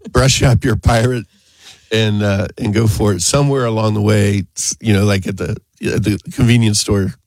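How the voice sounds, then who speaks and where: A man's voice: lowish voice, fairly even intonation, brisk, few pauses, a little mellow, no room sound. A man hosting a talk show, chatting casually, rambling and laughing often. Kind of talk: casual on-air chat.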